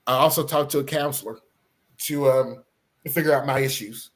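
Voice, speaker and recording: A middle-aged police officer telling his own story in an earnest, halting way, with many fillers and restarts. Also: mid-range voice, fairly even intonation. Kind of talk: personal story, casual talk.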